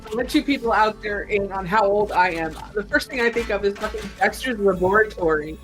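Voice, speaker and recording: A woman's voice: medium pitch, a little fast, soft background music, low-quality recording. A woman co-host in casual chat who tells stories, swears and laughs easily. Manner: laughing, profane storyteller.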